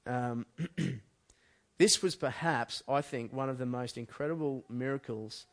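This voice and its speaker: A man's voice: mid-range voice, slow. A man preaching a sermon in a conversational way, often restarting his sentences. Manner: conversational, with frequent restarts and fillers.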